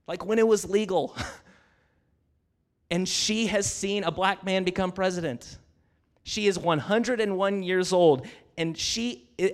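Man, preacher, casual enthusiastic sermon, slightly high voice. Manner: conversational, enthusiastic, says "y'all".

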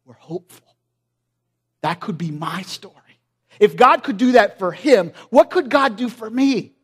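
Earnest preacher man, slightly high voice. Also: animated, unhurried, husky. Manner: earnest, emphatic, swings from loud to hushed. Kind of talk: sermon.

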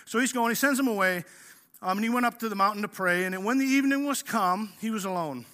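A male pastor preaching a sermon in a casual, energetic way, acting out the story as he tells it. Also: high voice, quick pace. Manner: energetic, casual preaching, says "man" often; acts out the story.

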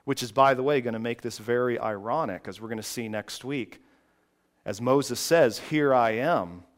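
A man preaching a sermon, moving from quiet reflective passages to loud, emphatic preaching. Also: mid-range voice, normal speed. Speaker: pastor.

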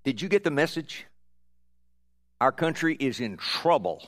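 A pastor closes a sermon in a calm, measured voice of middle pitch. He addresses the congregation steadily, and his voice sounds dry and close, with no room echo.

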